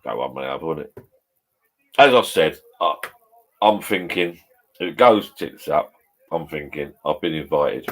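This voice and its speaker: Middle-aged man, very low voice, rambling live chat, swears a lot. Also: lively intonation, measured pace, pauses often. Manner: swears freely, rambling and chatty. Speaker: vlogger chatting with live viewers. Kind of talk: casual live-stream chat. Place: home garden bar shed.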